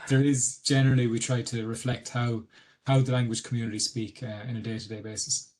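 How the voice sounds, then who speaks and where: A man's voice: mid-range voice, flat delivery, brisk, a little mellow. A man with an Irish accent explaining dictionary work on a video call, hesitant and full of ums and restarts. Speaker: dictionary editor giving a webinar talk. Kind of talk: explanatory talk.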